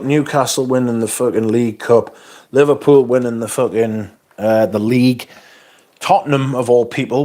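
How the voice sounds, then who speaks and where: Viewer comments get read aloud and answered bluntly by this livestream host, who swears a lot and drifts into asides in a casual stream. He has a mid-range, a little mellow voice and uses a phone mic.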